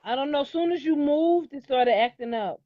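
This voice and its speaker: A woman's voice: high voice, normal speed, no room sound, highs cut off. A middle-aged woman in casual chat, talking in a blunt, outspoken and emphatic way.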